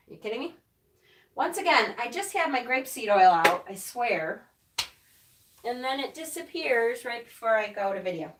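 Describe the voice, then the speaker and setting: Bright chatty woman with a Rochester accent. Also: high-pitched. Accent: Rochester, New York. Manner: chatty, rambling, laughs often, answers comments. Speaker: witchcraft channel host. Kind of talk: casual livestream chat with viewers.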